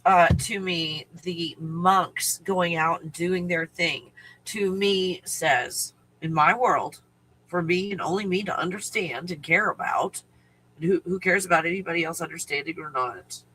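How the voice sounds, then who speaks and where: A man's voice: sits high, pushed and bright, slight background noise, rough recording. A man hosting a casual spiritual live stream, rambling and restarting his thoughts, now and then breaking off to talk to his dog. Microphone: live stream microphone at home.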